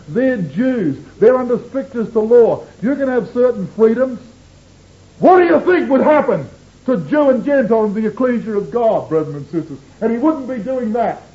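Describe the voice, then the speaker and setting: Earnest preacher man, high mellow voice. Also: muffled recording. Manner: earnest, emphatic exhortation. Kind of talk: sermon.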